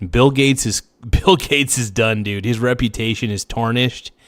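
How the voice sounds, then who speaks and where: A slightly hoarse man runs a casual livestream, hyping his subscribers in loose, slangy talk. His voice sits at an ordinary middle pitch, and the sound is dry and close with no room around it. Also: fairly even intonation, measured pace, no room sound. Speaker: livestream host.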